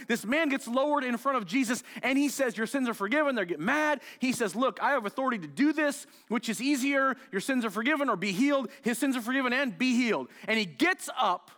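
A male pastor from the United States preaching a sermon, telling the story with animated, acted-out outbursts. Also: very high voice. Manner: animated storytelling, acts out scenes, loud excited outbursts.

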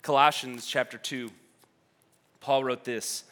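A man preaching a sermon with fervor, swinging from quiet reflection to loud exhortation and often repeating words as he thinks. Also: high-pitched, lively intonation, unhurried. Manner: fervent, swings from quiet to shouting. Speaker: pastor.

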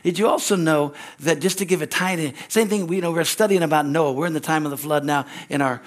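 Higher-voiced male pastor preaching. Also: fast talker. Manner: reads scripture with rising emphasis, then chats loosely with asides. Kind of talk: sermon. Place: church service.

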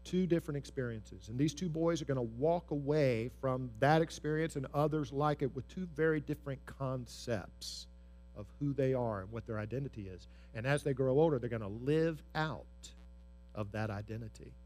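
A man's voice: mid-range voice, moderate pace, a little mellow. A male pastor giving a sermon in a church, speaking earnestly with repeated phrases for emphasis.

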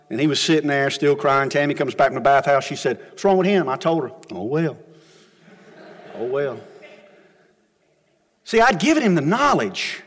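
Middle-aged man, pastor's sermon, fairly high voice, long echo of a church hall. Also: fairly bright tone. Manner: folksy storytelling with swings of pitch and volume. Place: church sanctuary.

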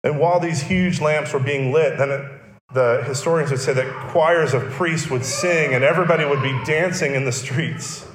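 A man's voice: a little high, moderate pace, slight background noise. Man preaching in an echoey hall. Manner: explanatory, emphatic repetitions. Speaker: pastor. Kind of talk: sermon.

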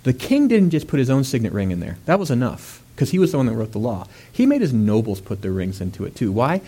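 In a sermon, a male preacher retells a scripture story casually and chattily, tossing in fillers, laughs and quick asides. His ordinary mid-pitched voice has a breathy edge, and he's animated, repeatedly building into loud, emphatic stretches.

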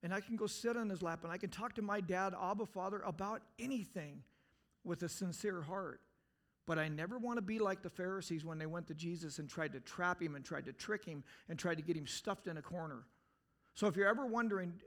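A man with a high voice preaches a sermon in an earnest, searching tone. He keeps asking the listeners direct questions. He swells into emphatic outbursts and then sinks back to a low, quiet delivery. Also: brisk. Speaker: pastor.

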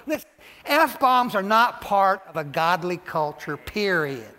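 A man with a high, bright, ringing voice preaches to his congregation with animated emphasis, hammering phrases again and again. His words carry a long reverb from the church hall around him. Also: measured pace. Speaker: pastor. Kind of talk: sermon. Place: church sanctuary.

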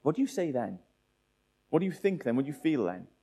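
Man, sermon, lively swooping delivery, slightly high voice, rhetorical questions. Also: a little fast, breathy edge. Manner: animated, rhetorical questions to the listeners. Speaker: preacher.

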